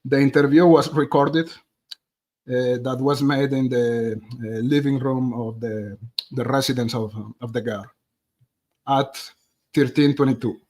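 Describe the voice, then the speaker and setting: A man's voice: medium pitch, fairly even intonation, unhurried, darkish tone, slight background noise. Chatty man. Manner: chatty, addresses viewers directly as "guys". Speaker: true crime streamer. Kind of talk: live-stream commentary.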